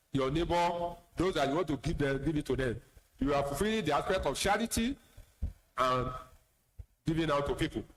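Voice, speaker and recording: A Nigerian-accented man preaching as an imam, his voice sitting somewhat high for a man. He talks plainly, repeats words for emphasis and slips in teasing asides to his listeners. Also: rough recording. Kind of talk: sermon lecture.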